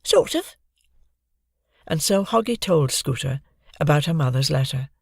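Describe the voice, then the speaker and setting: An audiobook narrator reading a children's adventure novel in a lively, expressive manner, close to the microphone. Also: medium pitch, moderate pace, gravelly, no room sound.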